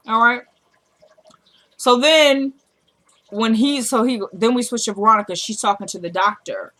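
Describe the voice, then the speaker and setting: Lebhafte Frau mit hellem, klarem Ton. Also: female voice, fairly quick, bright, forceful tone. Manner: retells scenes, quoting characters in a lowered voice. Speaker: TV episode recap vlogger. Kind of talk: casual recap chat.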